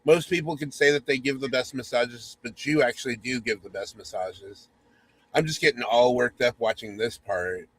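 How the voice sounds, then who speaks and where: A man's voice: medium pitch, normal speed, slightly rough, poor audio. Mock-sultry male storyteller. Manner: mock-sultry narration with teasing asides. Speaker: podcast host. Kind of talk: comedic reading of a spoof romance story.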